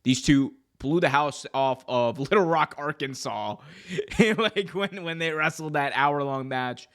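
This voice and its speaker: Man, fairly high voice, animated, jokey, casual wrestling podcast co-host. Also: a little slow, clear, resonant tone. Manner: animated, jokey, puts on mock accents. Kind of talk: casual wrestling preview chat.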